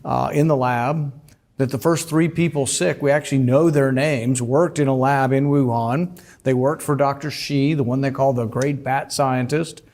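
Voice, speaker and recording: A man speaks about his own book in a deliberate, emphatic manner, pausing on "uh" fillers. His voice sits at an ordinary middle pitch for a man. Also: steady tone, a little mellow. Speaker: author discussing his book.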